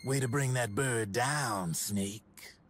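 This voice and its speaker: A man voicing a laid-back male arms dealer in a game, speaking in a wry, relaxed way. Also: mid-range voice, takes it slowly, noisy background, close to an everyday voice. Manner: relaxed, wry, sometimes hushed.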